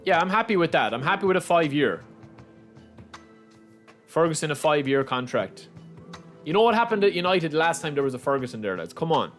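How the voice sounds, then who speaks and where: A young Irish man giving chatty, excitable live commentary as he plays a game on stream, calling out to his viewers. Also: fairly high pitch, a little fast, long pauses, soft background music. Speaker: gaming livestreamer. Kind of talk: casual live commentary over gameplay.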